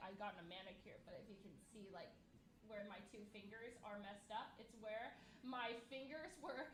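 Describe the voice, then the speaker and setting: A woman streamer casually retelling a tense, emotional story, animated and full of fillers. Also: on the high side.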